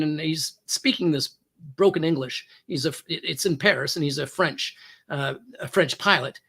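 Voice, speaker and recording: On a talk show, a man who once worked as a police hostage negotiator in Canada shares a story at an unhurried pace. His voice sits on the high side with a fairly bright tone, marked by emphatic rises and hesitant fillers.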